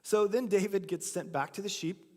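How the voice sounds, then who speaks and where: Storytelling preacher in a reverberant church. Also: male voice, high voice, normal speed. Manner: casual storytelling with acted-out quotes. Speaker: pastor. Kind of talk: sermon. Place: church sanctuary. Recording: long church hall reverb.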